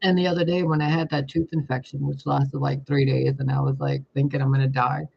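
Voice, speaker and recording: Man, raspy voice, casual vlog storytelling, animated, swears a lot, muffled lo-fi sound. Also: medium pitch, a little fast. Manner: animated, profane, laughs often mid-story. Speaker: spiritual vlogger.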